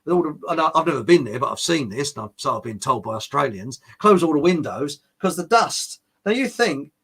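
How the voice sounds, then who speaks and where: A man's voice: fairly high pitch, big pitch swings, a little fast, fairly bright tone, slightly rough. An older man with a British accent, hosting a casual livestream chat, rambling with restarts, chuckling often and reading out viewer comments. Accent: British English. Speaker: livestream host.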